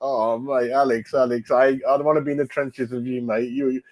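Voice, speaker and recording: A man's voice: medium pitch, little pitch movement, a little fast, darkish tone. A middle-aged man runs a casual fan livestream. He talks in a chatty way, greets viewers by name and often repeats his words as he goes. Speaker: fan channel host.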